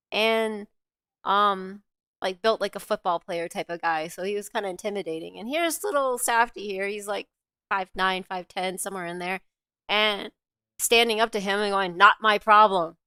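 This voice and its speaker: A woman's voice: mid-range voice, a bit bright, no room sound. A middle-aged woman co-hosting a show, telling a personal story in a candid, rambling way, with lots of fillers and swearing. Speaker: co-host.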